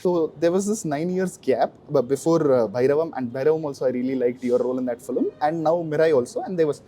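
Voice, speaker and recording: A man's voice: a little high, very fast, mellow, a little hiss or hum. A man, an interviewer asking long, winding questions and chiming in with short agreements. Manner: asks long, winding questions and chimes in with "correct" and "yeah".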